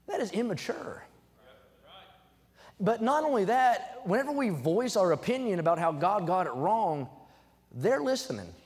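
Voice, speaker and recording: Fervent young preacher in a reverberant church. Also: male voice, sits high, very animated, measured pace, pauses often. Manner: emphatic, climbing to loud fervent peaks; reads scripture aloud between points. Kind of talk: sermon. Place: church sanctuary.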